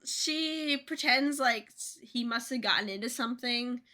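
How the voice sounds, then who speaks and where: Bright-voiced young woman podcast co-host. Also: on the high side. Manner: chatty retelling with quick voiced asides. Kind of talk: casual book podcast chat.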